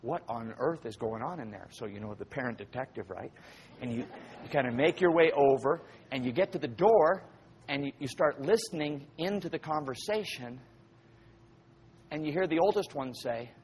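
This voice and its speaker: A man's voice: medium pitch, lively intonation, normal speed, darkish tone, slight background noise. A man preaching a sermon who tells stories vividly, acts out scenes and keeps asking his listeners questions. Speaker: pastor.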